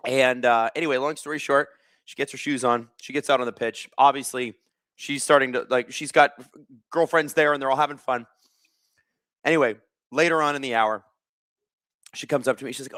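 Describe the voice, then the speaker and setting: A man's voice: medium pitch, brisk, sharp tone, dry recording, clean studio sound. A man in his thirties hosting a live hockey watch stream, telling stories in a rambling way with lots of fillers and restarts. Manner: talks while snacking. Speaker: stream host. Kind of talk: casual live-stream chat.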